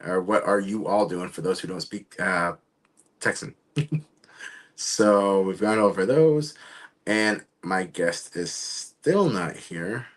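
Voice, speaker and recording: Male host, deep voice, loose rambling delivery, casual stream chat. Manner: rambling, halting, trails off. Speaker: show host. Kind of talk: casual livestream talk.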